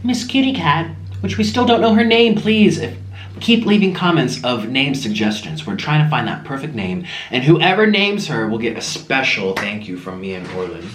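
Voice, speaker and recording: A man's voice: medium pitch, very animated, normal speed, slight background noise. A man chatting casually to viewers while eating on camera, gushing and chatty, sometimes talking with his mouth full, at home. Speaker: mukbang vlogger. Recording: echoey room with faint music.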